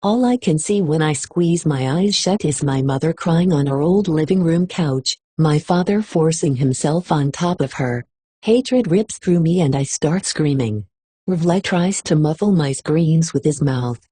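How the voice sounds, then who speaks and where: A woman's voice: low-pitched, expressive, unhurried, dark tone, slightly rough, no room sound. A woman reading a first-person novel aloud in an emotional storytelling style. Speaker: audiobook reader. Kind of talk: expressive audiobook narration.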